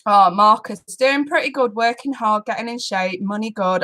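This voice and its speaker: A woman's voice: medium pitch, normal speed, bright, forceful tone. A young woman hosting a casual live stream, chatting with her viewers and often laughing and swearing. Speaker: tarot channel host.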